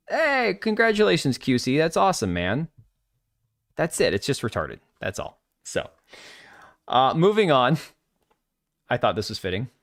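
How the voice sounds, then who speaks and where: A man hosts a live stream, ranting bluntly and mocking what he reacts to. His pitch jumps around constantly, and the sound is close and dry with no room echo. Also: wildly swooping pitch, normal speed, fairly bright tone. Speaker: livestream host. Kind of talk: casual live stream commentary.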